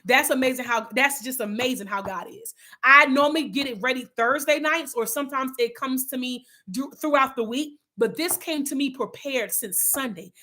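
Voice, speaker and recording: A woman with a high, bright voice leads a Bible study, speaking to her viewers in an earnest, heartfelt way. She talks loosely and warmly to them, rambling a little and restarting sentences as her thoughts come. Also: moderate pace, hardly any pauses. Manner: heartfelt, earnest, addresses listeners as y'all. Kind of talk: casual spiritual talk to viewers.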